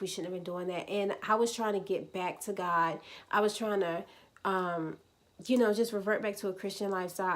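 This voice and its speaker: Young woman, twenties, casual confessional vlog, lots of fillers, mid pitch. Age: 20s. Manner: chatty, many "like" fillers, speaks to viewers as "y'all". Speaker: vlogger sharing a personal testimony.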